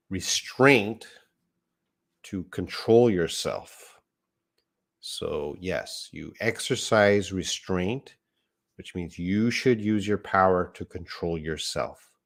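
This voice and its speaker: A middle-aged man with a low-pitched voice teaches a live online English lesson. He patiently explains words step by step, correcting himself as he goes.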